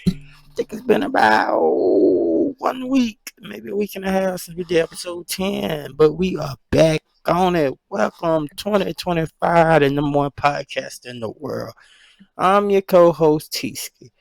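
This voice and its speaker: A man co-hosts a podcast, fairly high for a man and gravelly at the edges. He sounds winded and chats loosely and profanely, slipping into gossipy whispers. The sound is dry and close. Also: sing-song, unhurried, no echo. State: out of breath. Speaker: podcast co-host. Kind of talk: casual podcast chat.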